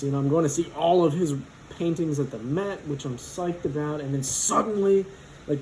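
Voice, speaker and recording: A man's voice: fairly high pitch, darkish tone, a little hiss or hum, poor audio. A man in his twenties telling a personal story casually, rambling with lots of fillers and swearing.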